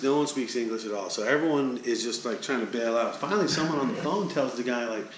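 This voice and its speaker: Male sports announcer, mid-pitch, animated and chatty, straight-to-camera vlog delivery, faint noise behind. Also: fast. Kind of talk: casual vlog storytelling.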